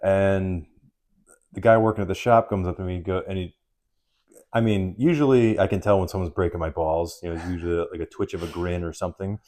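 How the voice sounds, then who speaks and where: A man in his thirties co-hosting a podcast, casual and animated, swearing freely. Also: low voice, fairly quick. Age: 30s. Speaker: podcast co-host.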